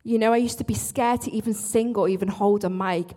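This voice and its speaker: Woman, worship leader, church testimony, earnest, restarts often, slightly high voice. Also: fairly quick, warm tone. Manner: earnest, self-interrupting, apologetic asides.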